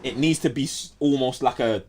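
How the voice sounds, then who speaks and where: A man co-hosting a casual podcast chat, animated and full of slang. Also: mid-range voice. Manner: animated, slangy, quick back-and-forth. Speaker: podcast co-host.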